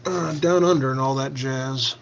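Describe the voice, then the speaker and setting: A man's voice: medium pitch, normal speed, gravelly, a little hiss or hum. A man hosting a casual livestream, reading out and answering viewer comments while he works on a craft project. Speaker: livestream host.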